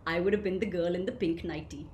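A woman leading an online voice workshop, telling stage stories and reading out participants' comments in an animated, engaging way. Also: on the low side, fast. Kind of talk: interactive webinar talk. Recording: echoey room with faint ambient noise.

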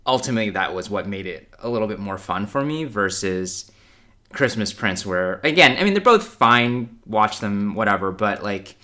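A man talking on a podcast in a lowish voice with a bright, forward edge. He lays out his points in a measured, thoughtful way. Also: expressive. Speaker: podcast co-host. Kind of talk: casual chat.

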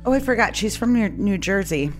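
A woman's voice: mid-range voice, animated, a little fast, music in the background. A woman co-hosting a casual show, bubbly and joking, often giggling. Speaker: podcast co-host. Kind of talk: casual chat.

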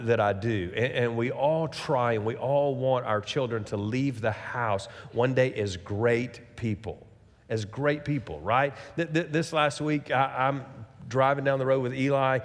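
A man's voice: mid-range voice, unhurried. A middle-aged man preaching a sermon as pastor, talking conversationally and tossing rhetorical questions and asides at the congregation. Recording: long reverb of a large hall.

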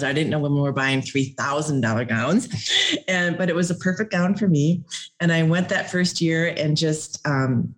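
Chatty middle-aged woman telling a story. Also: low voice. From Minnesota. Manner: animated, laughs often, acts out her own past words. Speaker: guest. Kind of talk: storytelling in a podcast interview.

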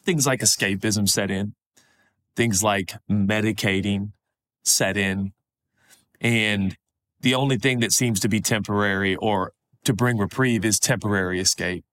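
A middle-aged man preaching a sermon, conversational, swinging between animated high stretches and hushed, low pleading. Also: measured pace. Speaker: pastor.

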